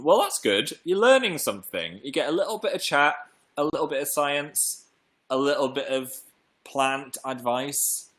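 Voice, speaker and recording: A man's voice: mid-range voice, a bit bright. A young man from England hosting a casual live stream, rambling playfully and reading out viewer comments. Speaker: livestream host. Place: home room.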